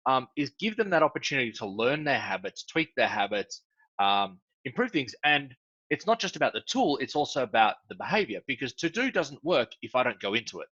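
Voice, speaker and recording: Man, guest consultant, bright, crisp and forceful tone, dry, dull lo-fi video call sound, animated, lots of ums. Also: a little fast, no room sound. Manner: animated, jumps up in pitch for emphasis, frequent ums. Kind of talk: casual conversational interview.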